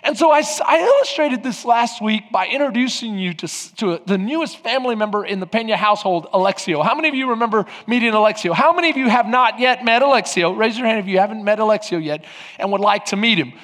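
A man with a very high voice delivers a sermon from the pulpit. He pushes the congregation with question after question. His voice carries a long reverb from the church hall. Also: lively intonation, quick pace, fairly bright tone. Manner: preaching with rhetorical questions to the congregation. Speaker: pastor. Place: church sanctuary.

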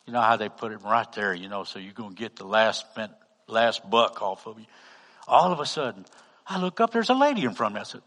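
A man with a Texan accent, a pastor telling a story in a sermon, acting out the dialogue and swinging from loud to hushed. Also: fairly low pitch, lively intonation, brisk, in a large hall. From Texas. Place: church hall.

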